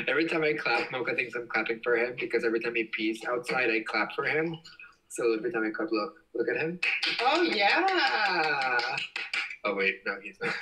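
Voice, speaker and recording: A man's voice: mid-range voice, very animated, normal speed, bright, forceful tone, far from the mic, slight background noise, rough recording. A young man hosting a casual livestream at home, reading comments and rambling with lots of giggles. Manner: giggly, rambling, frequent laughs. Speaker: livestream host.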